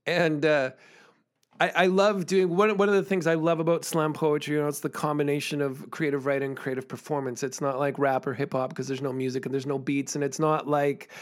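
A man's voice: a little high, level tone, brisk. A man hosting a podcast, telling stories in an earnest, chatty way, laughing often and restarting phrases. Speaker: podcast host and school songwriting performer. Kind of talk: storytelling monologue.

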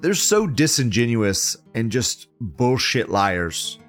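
Guy hosting a stream, swears nonstop, mocks stuff loud then mutters, soft music playing behind. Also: mid-range voice, sing-song, slow pace. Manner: profane, sarcastic, swings between loud mockery and muttering. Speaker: livestream show host. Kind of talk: casual commentary reading forum posts.

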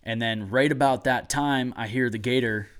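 A young man telling a hunting story in a casual chat, excited and rambling with lots of "like". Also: medium pitch, moderate pace, clear, resonant tone.

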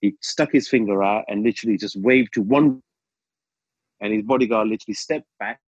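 Husky rambling man telling stories. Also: fairly low pitch, fairly quick, no echo, dull audio. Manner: rambling, many ums and restarts, lively quoted asides. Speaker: guest. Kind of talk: casual storytelling.

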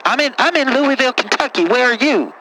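A man's voice: extremely high pitch, expressive, fast, noisy background. A man playing a prim, preachy pastor calling into a comedy radio show, scolding and fussy. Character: prim, pompous middle-aged male radio pastor. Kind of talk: comedic radio call-in sketch.

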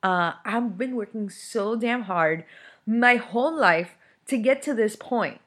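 A woman's voice: fairly high pitch, expressive, slow pace, a bit bright. A woman in her thirties hosting a casual solo podcast, venting in a heated way with many fillers and restarts. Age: 30s. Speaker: podcast host.

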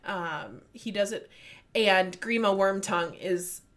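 Animated, swearing woman chatting about books. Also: medium pitch, takes it slowly. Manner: animated, swears freely, retells scenes excitedly. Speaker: book podcast host. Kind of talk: casual chat.

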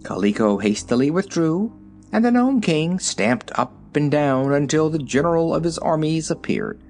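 A man narrating a children's storybook in an expressive, animated way. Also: on the high side, normal speed. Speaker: reader. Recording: soft background music.

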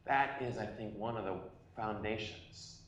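A man in his forties preaching a sermon as a pastor, telling personal stories earnestly, at times loud and at times hushed. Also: lowish voice, measured pace, a little hiss or hum. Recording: echoey room.

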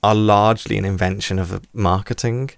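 A man's voice: on the low side, steady tone, fairly quick, vocal fry, no room sound, studio quality. A man chatting casually about old horror films, rambling with lots of fillers and restarts. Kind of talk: casual film podcast chat.

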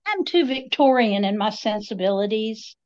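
A woman's voice: fairly high pitch, expressive, normal speed, darkish tone. A middle-aged woman co-hosting a podcast, telling stories in a casual, wry, self-mocking way. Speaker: podcast co-host. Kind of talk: casual chat. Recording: dull lo-fi sound.

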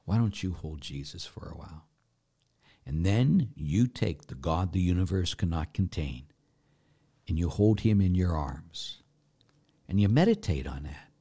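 A man's voice: low voice, dark tone. A man, a Catholic priest, chatting casually as he reads out viewer questions and answers them, guiding listeners through a meditation step by step. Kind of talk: casual spiritual Q&A, reading questions aloud.

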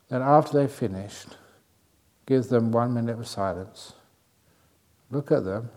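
Playful man teaching calm, slow then quick. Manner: playful, swings between slow soft and fast high speech to demonstrate; laughs at his own jokes. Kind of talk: spoken talk on calming the mind.

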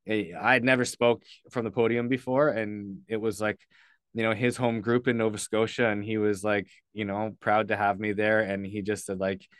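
Earnest low-voiced man telling a story. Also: level tone, moderate pace, clean tone, dry recording, studio quality. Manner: earnest, loose, with casual swearing. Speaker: podcast guest. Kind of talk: candid storytelling in an interview.

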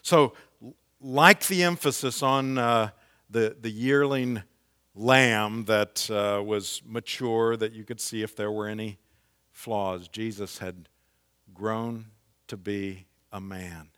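A man preaching a sermon, explaining scripture slowly and reading passages with strong emphasis. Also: lowish voice, steady tone, a bit bright, clean tone. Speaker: pastor.

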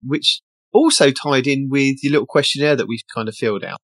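A chatty host reads out game tasks with a playful lilt. The voice sits in a middle pitch and sounds close and dry, with no room around it. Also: fairly quick, a bit bright, dry recording. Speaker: podcast host reading out tasks. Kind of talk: casual chat.

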